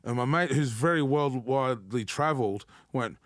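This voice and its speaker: A man's voice: medium pitch, normal speed, fairly bright tone, dry recording, clean studio sound. A man from Australia with an Australian accent, a rapper talking as a guest on a podcast, swearing freely and often tagging "you know what I mean". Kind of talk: casual podcast chat.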